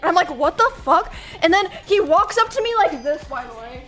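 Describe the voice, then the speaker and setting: A young woman streamer telling a story casually and animatedly, swearing and acting out shouts. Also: very high-pitched, sing-song, fast talker, faint music behind.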